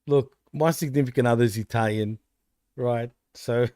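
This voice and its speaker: A man's voice: medium pitch, steady tone, normal speed, darkish tone, no echo, clean studio sound. An Australian man co-hosting a podcast, chatting casually in a laid-back way, calling people bro and dude. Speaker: podcast co-host. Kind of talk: casual wrestling banter.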